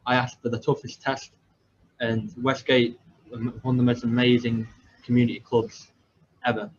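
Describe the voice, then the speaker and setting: A man's voice: mid-range voice, little pitch movement, normal speed. Rambling young English man, lo-fi. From England. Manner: rambling, self-deprecating, many fillers and restarts. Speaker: podcast host. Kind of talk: casual storytelling. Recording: slightly dull lo-fi audio with faint background noise.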